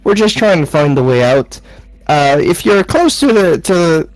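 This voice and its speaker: A man's voice: mid-range voice, lively intonation, unhurried, no room sound, close to an everyday voice, poor audio. A man voicing a flirtatious male adventurer in a put-on Scottish accent, sweet-talking and coaxing in a tabletop game. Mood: flirty, coaxing.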